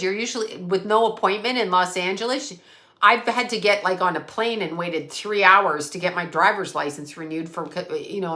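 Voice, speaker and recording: Bright-voiced woman chatting on a livestream. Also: medium pitch. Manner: profane, rambling, talks straight to chat. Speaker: psychic medium livestream host. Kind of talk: casual livestream chat with viewers.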